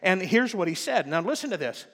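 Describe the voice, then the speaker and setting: A man preaching a sermon in a fairly high voice, moving between low, quiet teaching and loud, fired-up emphasis. His voice rings with the long reverb of a big church hall. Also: sing-song, fairly quick. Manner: preaching with rising intensity, shifting from quiet to loud. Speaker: pastor.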